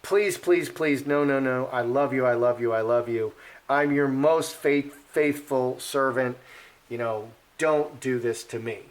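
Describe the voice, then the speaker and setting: A man's voice: mid-range voice, measured pace, close to an everyday voice. A man putting on a groveling, lovesick beggar. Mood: pleading. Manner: pleading, repetitive.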